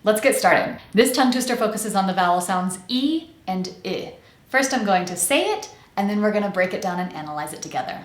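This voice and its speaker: An American woman teaches pronunciation as an accent coach, sounding out each sound slowly and carefully. Her voice sits in a mid pitch range. The room around her is noticeably echoey. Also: lively intonation. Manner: slow, carefully articulated demonstrations of sounds. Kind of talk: pronunciation lesson.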